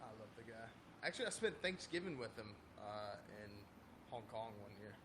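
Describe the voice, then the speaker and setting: Man, podcast co-host, joking banter, animated pitch, noisy background. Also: normal speed. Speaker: podcast co-host, pro golfer. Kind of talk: casual chat.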